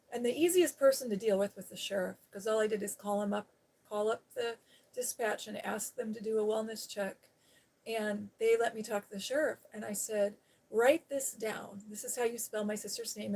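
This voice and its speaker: A woman's voice: medium pitch, a little mellow. A woman hosting a live stream, talking casually and rambling through a personal story, quoting other people as she goes. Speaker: ASMR channel host. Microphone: seated on a day bed, live stream.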